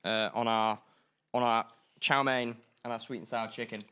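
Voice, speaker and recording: A man's voice: mid-range voice, level tone, moderate pace, pushed and bright, clear, resonant tone. A young man hosting a student radio show in a studio, chatting and joking casually while calling out directions to the crew. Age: young adult. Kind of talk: casual livestream chat.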